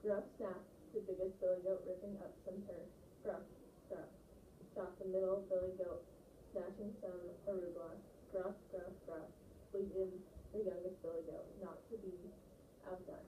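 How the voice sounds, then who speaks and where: A woman teacher gives calm, gentle instructions to her class and then reads a picture book aloud to them. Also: lowish voice, normal speed. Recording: echoey classroom from far off with noise.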